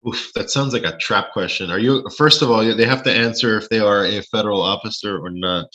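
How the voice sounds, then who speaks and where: Deep-voiced man rambling on a call. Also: fairly quick, bright, forceful tone, dull audio, slight background noise. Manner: chatty, rambling, frequent restarts and joking asides. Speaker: space-tourism lodging owner. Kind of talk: casual live-stream interview.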